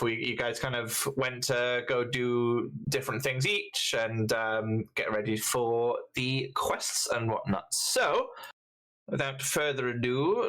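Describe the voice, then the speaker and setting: A man running a tabletop game, narrating in a halting way with frequent fillers. His voice is mid-pitched and plain. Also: a bit bright, poor audio. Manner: halting, many fillers, laughs often. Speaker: game master.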